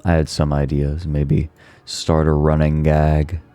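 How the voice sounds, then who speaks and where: A man with a very deep, dark voice chats casually on a stream, tired and rambling, often tripping over his own words. The sound is dry and close, with faint music playing underneath. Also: completely flat delivery, slow, smooth, no room sound. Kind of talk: casual chat.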